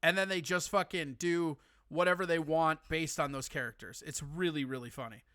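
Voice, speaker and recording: A man with a bright, fairly high voice hosts a live call-in stream. He teases and swears freely in casual banter, and the sound is dry and close. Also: moderate pace, no echo. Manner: joking, teasing, profane.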